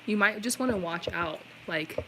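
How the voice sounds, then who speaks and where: A woman's voice: mid-range voice, moderate pace, slight background noise, poor audio. Chatty woman giving a tarot reading. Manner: chatty, warm reassurance with many "like" fillers. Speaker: tarot reader. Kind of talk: live-stream tarot reading.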